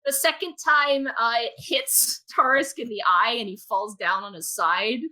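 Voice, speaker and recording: A woman's voice: fairly high pitch, bright, forceful tone. A young woman narrating a tabletop game as game master, laughing often as she goes. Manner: giggly, quick to laugh while narrating.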